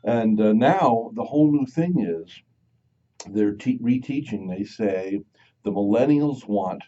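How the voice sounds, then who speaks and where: Jokey radio host, dark muffled sound. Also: male voice, lowish voice, expressive, takes it slowly, distant mic. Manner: playful, slips into put-on voices and jokes. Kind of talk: casual on-air banter. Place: radio studio. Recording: dull lo-fi radio broadcast sound.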